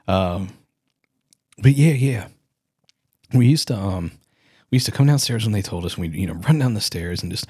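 A man's voice: sits low, expressive, a little fast, darkish tone, slightly rough, no room sound, clean studio sound. A man in his thirties hosting a solo podcast, telling stories in a rambling, self-correcting way. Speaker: podcast host. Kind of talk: casual solo podcast talk.

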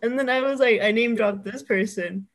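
A woman's voice: on the high side, moderate pace. A young woman co-hosting a casual chat podcast, telling a story and laughing often as she goes. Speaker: podcast co-host.

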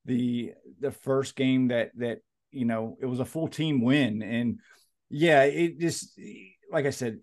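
Easygoing man co-hosting. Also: mid-range voice. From United States. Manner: relaxed, lots of restarts and "you know". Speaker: podcast co-host. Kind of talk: casual sports podcast chat.

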